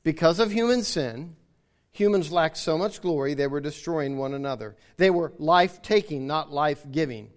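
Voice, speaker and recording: With lively intonation and at a normal speed, a man with a high voice preaches emphatically. He drives his points home through repeated key phrases and by calling out for his listeners' agreement.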